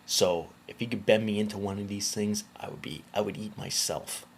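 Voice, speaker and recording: A man's voice: lowish voice, steady tone, normal speed, vocal fry, slight background noise. A man hosting a casual commentary video, talking in a sarcastic, incredulous way.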